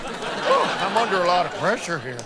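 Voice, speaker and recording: Guy doing a high-voiced flustered politician, says eh a lot, noisy recording. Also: wildly swooping pitch, moderate pace, over a noisy crowd. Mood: sheepish. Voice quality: folksy, drops "eh" into speech. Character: blustering male politician, secretly a nervous Canadian. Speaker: interview guest. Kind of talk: sketch comedy acting.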